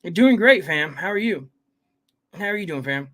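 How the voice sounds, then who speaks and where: A man's voice: high voice, expressive, moderate pace, sharp tone. A man hosting a live stream, chatting casually, greeting viewers by name and reading their comments in a rambling way. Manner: rambling, greets viewers by name, keeps saying "guys" and "fam". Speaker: livestream host.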